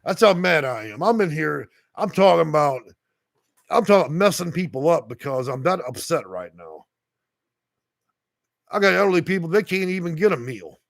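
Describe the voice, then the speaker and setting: A gravelly-voiced man rants angrily on a livestream, profane and worked up, laughing now and then as he reads the chat. His voice sits a little high for a man, and the recording is close and dry in a small room. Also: sing-song, normal speed, no echo. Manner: heated, profane, street talk with laughs. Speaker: housing consultant, livestream host. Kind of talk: angry livestream rant reading chat.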